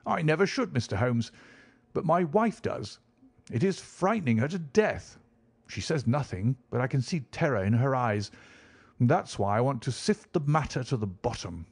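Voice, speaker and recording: A man voicing a nervous, ruddy country gentleman who pleads urgently about a worrying mystery. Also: mid-range voice, sing-song, normal speed, slightly rough, voice pushed up. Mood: worried.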